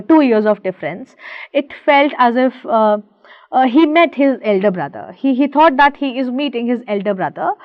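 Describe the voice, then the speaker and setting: A woman's voice: on the high side, no room sound. A woman teacher reading a short story aloud line by line and explaining each part in simple words, with many fillers. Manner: reads a line aloud then paraphrases it, with fillers. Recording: dry, dull lo-fi sound.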